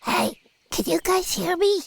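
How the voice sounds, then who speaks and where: A woman voicing her character as a tiny talking spider, in a squeaky, odd-sounding voice during a tabletop game. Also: animated, unhurried, vocal fry, a little hiss or hum, full character voice. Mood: puzzled. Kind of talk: tabletop game role-play.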